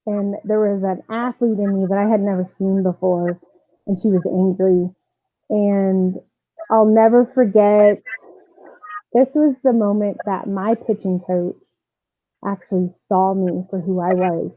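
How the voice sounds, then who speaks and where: A woman softball coach telling her personal story as a podcast guest, earnest and animated, with frequent fillers. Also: medium pitch, unhurried, no echo. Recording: tinny phone-like dry line.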